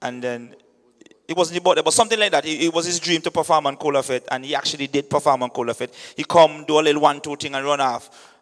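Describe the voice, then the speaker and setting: A man hosting an event launch and hyping each act with loose, lively local talk. His voice sits a little high and rings with a long hall reverb. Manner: lively, keeps saying "understand me". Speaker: event host. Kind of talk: hyping announcements at a media launch.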